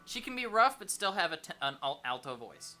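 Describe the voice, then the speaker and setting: A player in a tabletop game over voice chat, playful and quick to laugh while coaching others. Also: medium pitch, sing-song, bright, forceful tone, faint music behind.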